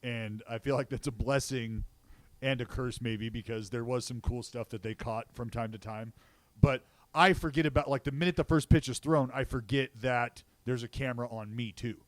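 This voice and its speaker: Dude who calls ball games, mid pitch, dry mic, talks loud and animated, swears a ton. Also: male voice, normal speed, dry recording. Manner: excitable storyteller who swears and gets loud reliving plays. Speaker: baseball broadcaster and podcast co-host. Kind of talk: casual chat.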